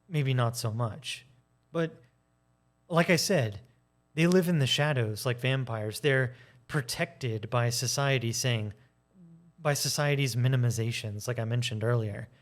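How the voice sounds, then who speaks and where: Speaking in a mid-range voice, this male video essayist gives an animated, frank monologue about himself, throwing in the odd swear word and voicing both sides of arguments in different voices.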